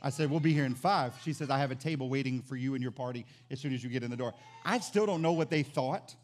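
A man preaching as pastor, animated, swinging from loud exclamations to quiet emphatic lines. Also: mid-range voice, quick pace, soft background music. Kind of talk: sermon.

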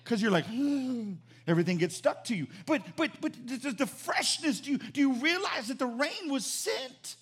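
A man preaching a sermon as pastor, animated and emphatic, repeating phrases for emphasis. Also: very high-pitched, fairly quick, few pauses, breathy edge.

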